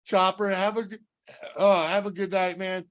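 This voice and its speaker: A man's voice: high voice, level tone, normal speed, fairly bright tone. Laid-back man greeting viewers. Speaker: livestream host. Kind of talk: casual livestream chat.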